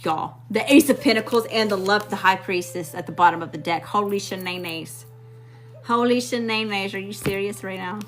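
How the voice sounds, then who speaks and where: A woman's voice: mid-range voice, fairly quick, few pauses. A woman from Mississippi with a Southern accent, giving a blunt, slangy live tarot reading straight to her viewers. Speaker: tarot reader.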